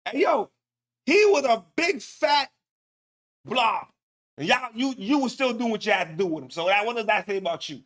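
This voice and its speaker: High-pitched guy on a live stream, cussing and laughing, super casual. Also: brisk, a bit bright. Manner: slangy, profane, laughs often. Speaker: livestream host.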